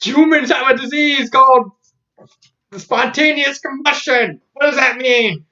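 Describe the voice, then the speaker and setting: A reviewer putting on a frantic cartoon boy, pleading in a high, strained voice. The recording sounds dull and lo-fi. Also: measured pace, pushed and bright, far from the mic.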